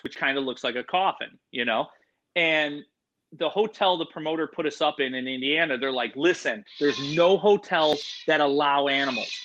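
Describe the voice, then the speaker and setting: A man telling a rambling, animated story in a casual interview, acting out the voices of people in it. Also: medium pitch, muffled recording. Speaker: animal entertainer guest.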